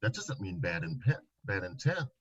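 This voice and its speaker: A man, a licensed counselor, earnestly recounting a therapy session in a podcast interview, often dropping to a soft, low voice. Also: big pitch swings, moderate pace, breathy edge, muffled recording.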